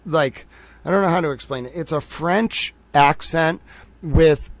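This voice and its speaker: A man with a Boston accent hosting a commentary stream, talking fast and digressively with lots of fillers and restarts. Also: fairly high pitch, no echo. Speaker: commentary livestream host. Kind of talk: casual analytical commentary.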